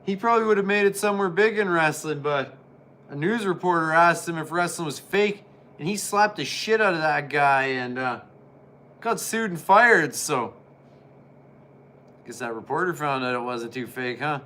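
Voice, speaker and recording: A man's voice: fairly high pitch, moderate pace. A man giving casual, jokey play-by-play commentary while reviewing an old wrestling match. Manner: excitable, jokey, chatty.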